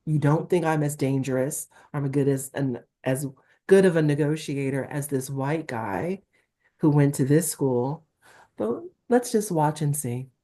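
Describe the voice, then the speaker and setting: A woman's voice: low-pitched, a little slow, warm tone. A middle-aged woman from Newark, a talent agent, talking candidly in an interview with a Valley-girl-like, emphatic delivery. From Newark, New Jersey, USA.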